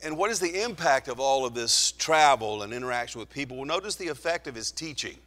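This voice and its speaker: A man preaching a sermon in an earnest, emphatic way, slowing down to stress key phrases. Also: medium pitch, lively intonation, sharp tone. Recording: long hall reverb.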